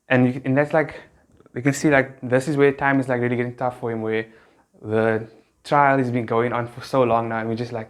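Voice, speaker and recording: A man's voice: mid-range voice, fairly even intonation, brisk. Laid-back young man, chatty youth speaker. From South Africa. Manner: laid-back and chatty, full of slang and fillers. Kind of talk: casual devotional talk to camera.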